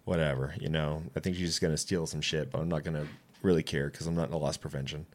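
A man in his late twenties, a podcast guest, telling casual stories with animated delivery, acting out quoted dialogue and swearing freely. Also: rumbling low, fast talker. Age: 20s. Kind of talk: casual storytelling.

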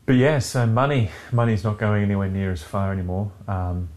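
Deep-voiced swearing man. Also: little pitch movement, fairly quick, a little mellow. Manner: rambling, swears freely, laughs often. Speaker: podcast co-host. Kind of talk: casual chat.

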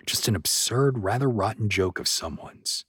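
A man voicing a quiet, gentle young man who speaks softly and reassuringly. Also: lowish voice, animated, moderate pace, slightly rough, no room sound, studio quality.

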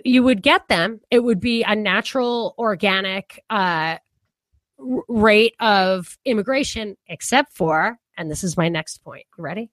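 A woman's voice: medium pitch, fairly bright tone, no room sound. A woman co-hosting a podcast, talking through political ideas in a rambling, casual way with frequent restarts. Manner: rambling, restarts often, laughs easily. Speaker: podcast co-host.

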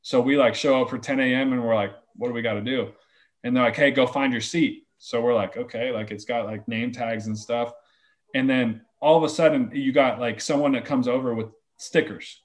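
A man's voice: medium pitch, fairly even intonation, fairly quick. A young man, a ballplayer guest, chatting casually in a laid-back, rambling way with lots of restarts. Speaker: baseball player guest. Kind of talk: casual interview chat.

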